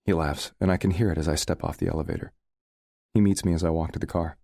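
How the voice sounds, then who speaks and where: Audiobook narrator: man, very low voice, wry tone, dry close read. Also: fairly even intonation, quick pace, vocal fry, mellow, dry recording. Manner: wry, sardonic. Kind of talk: first-person audiobook narration.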